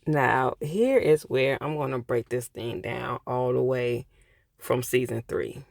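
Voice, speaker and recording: A man's voice: medium pitch, takes it slowly, gravelly, no room sound, clean studio sound. A man casually retelling a TV episode, with loose, chatty asides. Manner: loose, conversational retelling with lots of filler asides. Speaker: TV episode reviewer.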